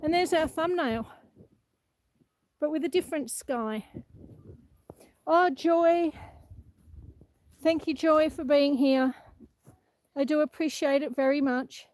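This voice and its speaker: A woman's voice: high voice, slow, long pauses, darkish tone, low-quality recording. A woman hosting a casual live stream on her property, a bit out of breath, chatting and reading out viewer comments. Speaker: homestead livestream host. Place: outdoors on a rural property. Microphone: phone held for live stream.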